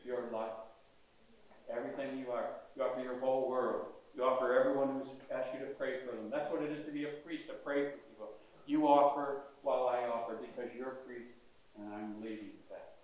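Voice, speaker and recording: A man's voice: medium pitch, steady tone, fairly quick, a little mellow. An older man, a priest, preaching a sermon in a conversational way and asking his congregation questions. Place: large church. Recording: echoey church heard from a distance.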